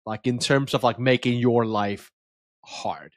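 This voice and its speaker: Man, interviewer, mid pitch, dry recording, short backchannels. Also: a little slow, dry recording. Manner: brief encouraging backchannels. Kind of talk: casual interview.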